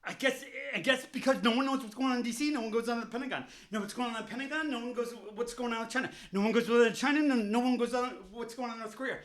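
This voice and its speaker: Fired up guy cussing nonstop in a vlog rant, kinda high voice, keeps repeating himself. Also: quick pace, hardly any pauses, a bit bright. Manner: heated, profane, repetitive ranting. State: openly angry. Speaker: vlogger. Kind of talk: angry political rant to camera.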